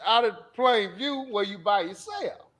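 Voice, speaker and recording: A man's voice: high voice, expressive, a little slow, noisy background. A man co-hosting a podcast in casual chat, making emphatic, slangy jokes. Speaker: podcast co-host.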